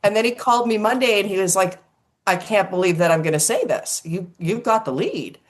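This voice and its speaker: An older woman, an actress, telling lively casual stories in an interview and acting out the quotes. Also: mid-range voice, fairly quick. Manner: animated storyteller, acts out quotes, swears casually.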